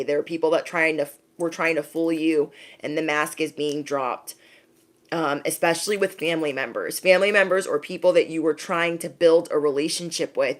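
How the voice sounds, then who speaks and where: A woman giving a casual spiritual pep talk, speaking emphatically, repeating her points, and often asking "okay?". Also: sits low. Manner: emphatic, repeats phrases, direct address with frequent "okay?". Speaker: spiritual reader.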